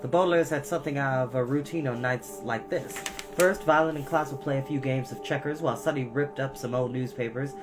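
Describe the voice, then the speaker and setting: A man reading a children's novel aloud as a storyteller, adding asides to his listeners. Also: mid-range voice.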